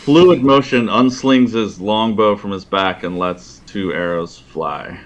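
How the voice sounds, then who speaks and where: A man's voice: fairly low pitch, lo-fi sound. A man playing a tabletop game, talking casually and unsurely. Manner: slow, unsure. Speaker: player.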